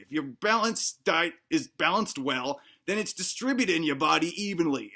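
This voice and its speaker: A man's voice: on the high side, pushed and bright, exaggerated voice. A man as a rambling, mock-earnest know-it-all cop. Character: bumbling self-assured male cop giving absurd advice. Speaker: comedic self-help presenter. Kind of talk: deadpan comedy sketch.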